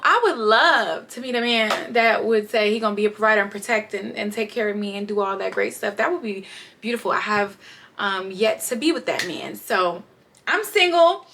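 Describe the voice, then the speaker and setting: A woman's voice: a little high, brisk, bright, forceful tone, a little hiss or hum. A young woman giving a candid, chatty life update, talking straight to her viewers. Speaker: vlogger. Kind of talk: casual sit-down life update.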